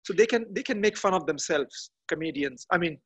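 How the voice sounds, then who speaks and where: A man chatting as a podcast guest from a garden outdoors, halting and often restarting as he searches for words. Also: a little high, lively intonation, fairly bright tone, breathy edge, muffled recording. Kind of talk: casual interview chat.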